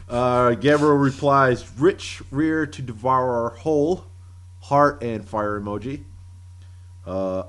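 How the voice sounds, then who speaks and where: A man's voice: mid-range voice, a bit bright. A man co-hosting a casual podcast, reading out tweets with laughter and crude jokes. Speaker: podcast co-host.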